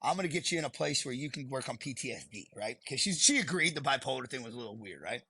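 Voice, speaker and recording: A man's voice: mid-range voice, expressive, quick pace, pushed and bright, husky, no room sound. A middle-aged man, a podcast guest telling his story bluntly and profanely, rambling as he goes. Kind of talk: candid storytelling.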